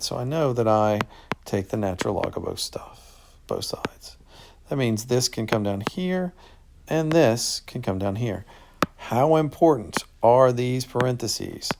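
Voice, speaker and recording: A man who is a math teacher, casually talking through an answer key and thinking out loud in an upbeat way. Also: medium pitch, creaky, a little hiss or hum.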